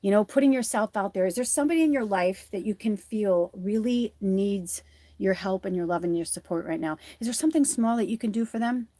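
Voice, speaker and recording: A woman with a dark, medium-pitched voice speaks a little fast, with no echo, as she hosts a live tarot reading. She's a tarot reader and spiritual medium, casual and rambling with lots of fillers, earnestly encouraging those watching.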